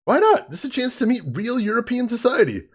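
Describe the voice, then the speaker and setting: A man reading the part of an upbeat, eager young woman assistant from a comic, in an excited and chatty way. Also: very high-pitched, a little fast, breathy edge, pitched above the performer's own voice, exaggerated voice.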